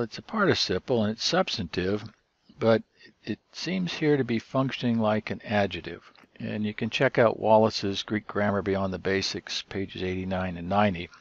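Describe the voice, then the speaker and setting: Man, teacher, measured explanatory lecture, frequent pauses, dry close mic, dull sound. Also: on the low side, no echo. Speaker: Greek teacher.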